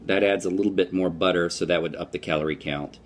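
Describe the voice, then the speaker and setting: Low-voiced man rambling through a food review. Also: steady tone, quick pace, slight background noise. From United States. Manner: rambling, hesitant with fillers and restarts. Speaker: vlogger. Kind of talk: casual food review vlog.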